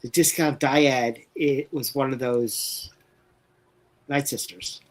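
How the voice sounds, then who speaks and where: A man's voice: mid-range voice, slow pace. A man co-hosting a casual live watch-along stream, talking hesitantly with lots of filler sounds. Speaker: co-host.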